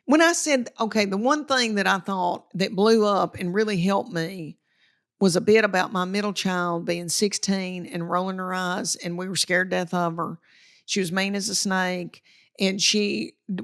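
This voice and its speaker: Woman, Southern accent, middle-aged, folksy and animated, gravelly fry. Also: mid-range voice. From Tennessee. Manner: folksy, animated, acts out family quotes. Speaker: comedian guest. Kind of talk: storytelling interview chat.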